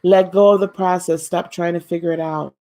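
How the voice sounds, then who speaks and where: On a live stream, a woman whose voice sits on the low side talks fairly quickly in a steady tone, leading an inspirational spiritual talk. Gentle and preacherly, she repeats key phrases for emphasis and speaks warmly and straight to her viewers, whom she calls beloved.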